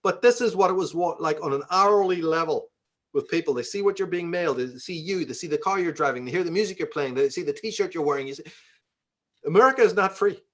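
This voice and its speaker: A man from Northern Ireland with a Belfast accent, a guest in an interview, tells stories conversationally in a fast, slightly high voice. He swears plenty and acts out the voices of the people in them.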